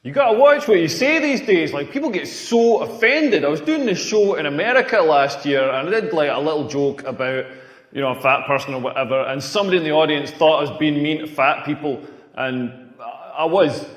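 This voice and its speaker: A man's voice: a little high, animated, fairly quick. A man doing a crude, self-mocking stand-up routine on a club stage. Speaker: stand-up comedian. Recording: echoey stage with long reverb.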